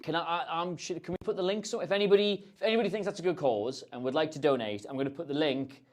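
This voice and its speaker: A man with a slightly high voice speaks fast while hosting a casual livestream. He answers viewer questions in a chatty, rambling way, often poking fun at himself.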